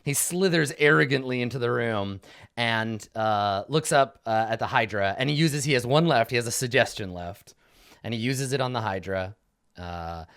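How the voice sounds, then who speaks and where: Male game master, mid-pitched, loose and chatty narration full of ums and likes. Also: normal speed, smooth. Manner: casual, animated storytelling with many fillers.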